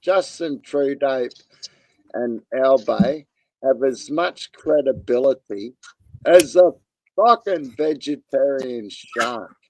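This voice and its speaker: A man's voice: mid-range voice, lively intonation, slow pace, a little mellow, poor audio. An Australian man joining a live stream chat, joking in a crude, casual way.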